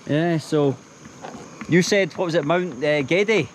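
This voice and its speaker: A young male travel vlogger chats casually in an outdoor vlog by a jungle river pool, exclaiming loudly at how cold the water is. His voice is on the high side and slow, with a little hiss or hum in the audio.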